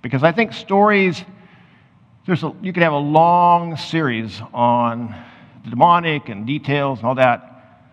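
A pastor preaching a sermon, reading scripture aloud and then explaining it in loose, conversational asides. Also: male voice, on the high side, unhurried, a bit bright. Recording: muffled sound with long hall reverb.

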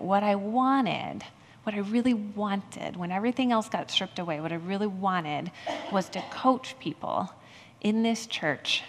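A woman pastor shares her own story from the pulpit, candid and quick to poke fun at herself. Her mid-pitched voice rings through a church sanctuary with a long, lingering reverb. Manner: candid and self-deprecating, laughing often at herself. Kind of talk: personal testimony sermon.

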